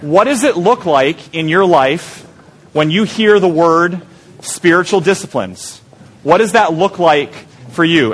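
A man's voice: fairly high pitch, fairly bright tone. A man preaching a conversational sermon to a church group in small pods, often asking the room questions. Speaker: pastor.

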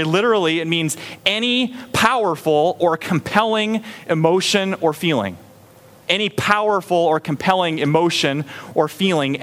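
A pastor with a slightly high, somewhat bright voice preaches conversationally. He acts out little scenes, raising his voice for them.

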